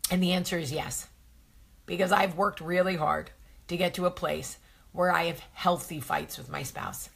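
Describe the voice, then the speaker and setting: A woman's voice: fairly low pitch, fairly even intonation, normal speed, creaky, breathy edge. A woman hosting a live advice chat, talking straight to viewers, chatty and effusive as she answers their comments. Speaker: host of a live advice show. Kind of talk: casual live-stream chat.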